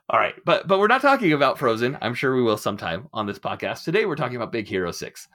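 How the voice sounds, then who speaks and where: A middle-aged man hosting a casual podcast discussion, animated and laughing often as he acts out quotes. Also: mid-range voice, brisk. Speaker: podcast host.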